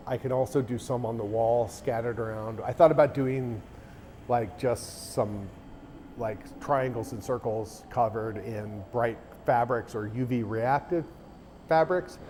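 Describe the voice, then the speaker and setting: Inside his arcade café, an arcade owner chats casually on a livestream, rambling and thinking aloud with restarts. His voice is mid-range with a darkish tone, and there's a little hiss or hum.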